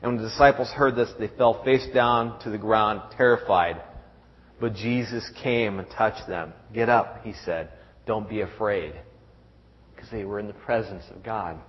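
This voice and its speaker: A middle-aged man preaches a sermon in a middle-pitched voice, halting, restarting and repeating words as he reads scripture aloud. The audio is dull, with the long reverb of a large hall.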